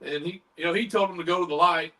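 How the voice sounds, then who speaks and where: A man hosting a paranormal chat show tells a story in a loose, animated way, acting out what others said. His voice is high and bright. He sounds a little distant from the microphone. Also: quick pace. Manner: animated, retells others' words in quotes, swears casually. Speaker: paranormal podcast host.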